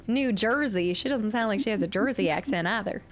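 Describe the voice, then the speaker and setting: A woman's voice: medium pitch, a little fast. Gushing woman streamer. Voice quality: gushing, excitable, thanks viewers by name. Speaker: livestreamer. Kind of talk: casual game stream chat.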